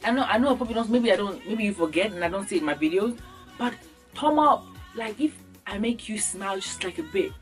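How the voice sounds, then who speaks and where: A woman's voice: medium pitch, fast talker, faint music behind. A young woman from Ghana talking on her beauty vlog, joking and acting out everyday moments with sudden jumps in her voice. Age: young adult. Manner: animated, acts out little scenes with sudden jumps in voice. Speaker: beauty vlogger. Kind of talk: casual comedic vlog monologue. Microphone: camera mic.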